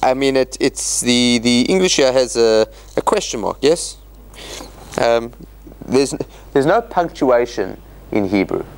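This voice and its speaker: A man's voice: mid-range voice, creaky. A man teaching as a rabbi in an interactive class, questioning his listeners and acting out the quotes he reads.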